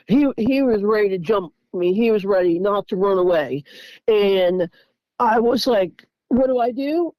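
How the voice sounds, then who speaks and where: A woman, telling her own story in a casual, halting way, with frequent restarts. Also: mid-range voice, no room sound, highs cut off. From Tennessee. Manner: halting, repeats words, restarts sentences.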